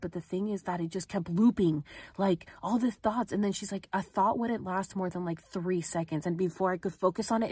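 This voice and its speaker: A woman's voice: lowish voice, a little mellow, husky, no room sound. A young woman casually telling a personal story on a podcast, chatty, filling her speech with "like" and acting out the quotes. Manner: chatty, heavy use of "like", acts out quotes. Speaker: podcast host.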